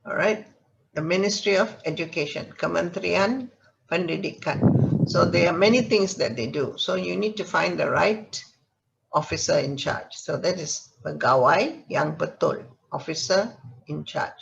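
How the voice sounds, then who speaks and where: Brief: male tutor, very gravelly, patient word-by-word explainer, dull lo-fi sound. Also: on the high side, normal speed, a bit bright. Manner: patient, explains word by word with checks like "all right?". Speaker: language teacher. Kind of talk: explaining a language lesson. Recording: dull lo-fi recording with faint hiss.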